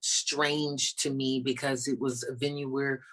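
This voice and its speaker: A woman stand-up comedian chatting as an interview guest, telling stories in an animated way and acting out the people she quotes, over a video call. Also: rumbling low, unhurried. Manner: animated storyteller, acts out quoted voices. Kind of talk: casual interview chat.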